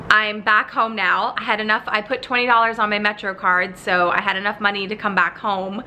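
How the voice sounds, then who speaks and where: A young woman telling a story to her phone camera at home in a chatty, animated vlog style. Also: medium pitch, a little hiss or hum. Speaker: vlogger. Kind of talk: casual vlog chat. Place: home apartment.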